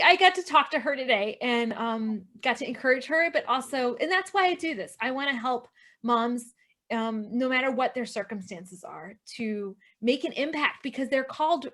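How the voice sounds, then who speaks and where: A high-pitched woman talking as a podcast guest. She is earnest and emotional, full of restarts and little asides. She turns to the listeners now and then in an animated, chatty way. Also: normal speed. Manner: animated, addresses listeners directly. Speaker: podcast guest, online entrepreneur. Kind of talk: casual interview chat.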